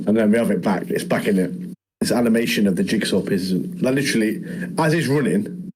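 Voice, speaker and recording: A man's voice: on the low side, fast talker, darkish tone, slightly rough. A man, co-hosting a podcast and recapping anime scenes in rambling, slangy casual chat. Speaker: podcast co-host.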